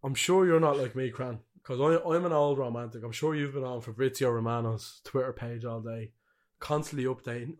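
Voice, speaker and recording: A man's voice: medium pitch, a little fast. A young man from co-hosting a football podcast, rowdy, sweary and laughing a lot. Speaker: podcast co-host. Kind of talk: casual football podcast chat.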